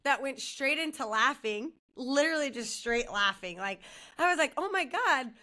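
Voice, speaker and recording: Bright-voiced woman telling a rambling story. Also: sits high, expressive, normal speed. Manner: rambling, heavy use of "like", laughs through her story. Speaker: podcast co-host. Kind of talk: casual chat, storytelling.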